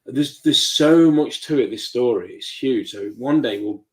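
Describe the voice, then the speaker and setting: Man, casual interview guest, lively storyteller, acts out quotes, mid-pitched voice. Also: a little slow, low-quality recording. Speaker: toy shop owner, guest.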